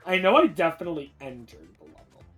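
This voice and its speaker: A man's voice: high-pitched, sing-song, fast talker, a bit bright, soft background music. A man racing in a live game stream, thinking aloud in an anxious, rambling way. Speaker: speedrunner competing in a bingo race. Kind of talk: live gameplay chatter.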